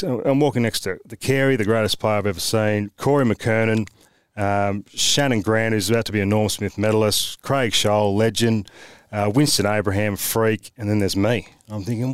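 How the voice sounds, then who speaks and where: An Australian man with a fairly low voice tells lively, blunt stories from his playing days, mild swearing and all. The sound is dry and close, with no room around it. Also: normal speed, clear, resonant tone, no echo. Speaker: podcast guest, former footballer. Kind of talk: casual storytelling chat.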